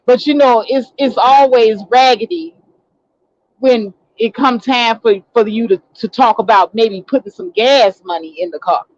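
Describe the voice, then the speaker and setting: A woman's voice: a little high, a little slow, no room sound, dull audio. A woman telling a story in a casual, indignant, ranting monologue, acting out what people said. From Chicago. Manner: indignant, ranting storyteller who acts out quotes. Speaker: online talk show host.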